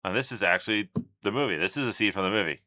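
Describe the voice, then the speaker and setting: A man hosting a reaction video who thinks out loud, trails off mid-sentence and cuts in with offhand asides. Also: fairly low pitch, very fast. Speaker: reaction channel host. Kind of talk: casual reaction commentary.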